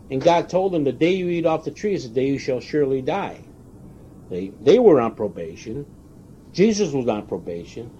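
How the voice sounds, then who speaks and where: A man preaching a sermon, stressing single words and pausing for weight. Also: on the high side, dark tone, a little hiss or hum. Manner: emphatic, stressing single words with long pauses. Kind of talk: recorded sermon. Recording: dull lo-fi tape recording.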